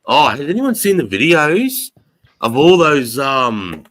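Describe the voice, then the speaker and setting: An Australian man hosts a livestream in a slow, sing-song, somewhat high voice with a bit of brightness, captured on a rough recording. His chat is casual and full of swearing, and he laughs as he retells things.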